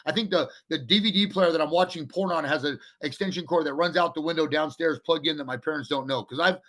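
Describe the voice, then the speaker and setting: A man's voice: fairly high pitch, fairly bright tone. A man speaking as a podcast guest, telling his story candidly in a blunt, profane way, with frequent restarts. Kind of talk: candid storytelling in a casual interview.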